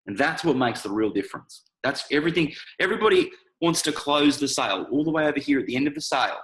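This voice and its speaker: A man's voice: a little high, fast talker, low-quality recording. A man in his forties, a sales coach talking as a guest in a casual podcast chat, blunt and profane as he tells stories. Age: 40s. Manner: blunt, profane, animated storytelling.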